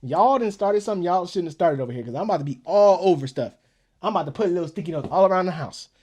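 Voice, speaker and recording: A man hosting a reaction channel, talking in a rambling, animated way and saying "like" a lot. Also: high-pitched, fast, a little hiss or hum. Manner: animated, rambling, heavy use of "like". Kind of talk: casual chat.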